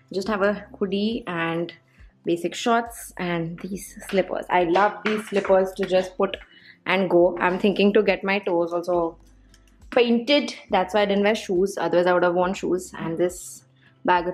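Chatty young Indian woman vlogging. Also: medium pitch. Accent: Indian English. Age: 20s. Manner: chatty and rambling, with many fillers. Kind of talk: casual vlog chat.

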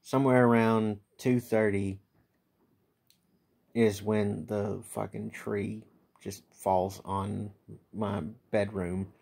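A tired man venting in a bitter, profane late-night vlog monologue, with many halting restarts. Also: lowish voice, little pitch movement, gravelly, darkish tone. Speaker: vlogger.

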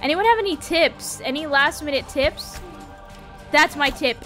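A young adult woman giving casual gameplay commentary, excitable, pleading with and cursing at the game as she plays. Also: high-pitched, unhurried, over music. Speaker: gaming YouTuber.

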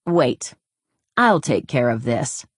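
A woman voicing a bold young boy chick, talking in a calm, reasoning way in a read-aloud storybook. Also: very deep voice, slow, husky, no room sound, clean studio sound, pitched below the performer's own voice, heavily acted. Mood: coaxing.

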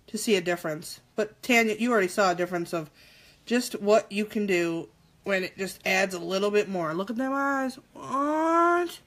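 A woman in her thirties chatting through a casual live makeup tutorial, jokey and quick to swear. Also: mid-range voice, animated, a bit bright. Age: 30s.

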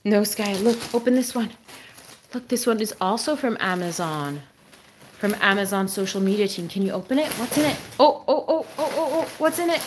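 A woman hosting a casual livestream, who talks to her dog in a high sing-song voice, drops low for asides and exclaims and laughs often. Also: expressive, normal speed, slight background noise.

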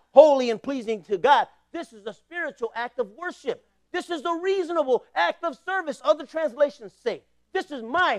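Man, 40s, pastor, high voice, fervent sermon with call-and-response. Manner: impassioned preaching with call-and-response.

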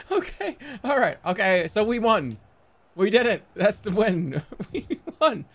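Excitable, high-voiced male streamer. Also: slow, pauses often. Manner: excitable, laughs often, swears. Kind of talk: casual gameplay commentary.

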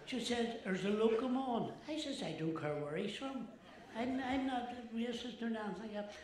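A man's voice: extremely high pitch, expressive, normal speed. A man playing a chatty, gossipy older Northern Irish woman, rambling through a comic monologue with asides to the audience. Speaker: comic stage performer. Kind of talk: stand-up style comic monologue in character. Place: large theatre stage. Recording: echoey theatre with audience noise.

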